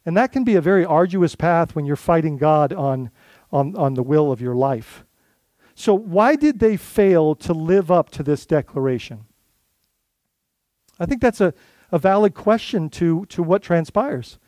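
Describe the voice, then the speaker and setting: A man's voice: a little high, lively intonation, measured pace, darkish tone, no echo. A man who is a lead pastor, giving an earnest, conversational sermon full of restarts and asides.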